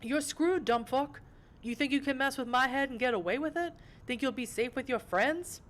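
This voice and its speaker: A woman's voice: high-pitched, moderate pace, pitched above the performer's own voice, close to an everyday voice. A woman voicing a menacing male street-tough vampire thug who swaggers, curses and threatens. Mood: threatening.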